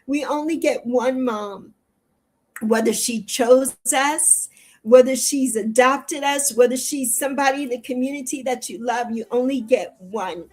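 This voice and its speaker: A woman's voice: high-pitched, unhurried, darkish tone, poor audio. An older woman in an interview, speaking in a heartfelt, repetitive way that rises into tearful pleading. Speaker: interview guest. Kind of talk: emotional interview conversation.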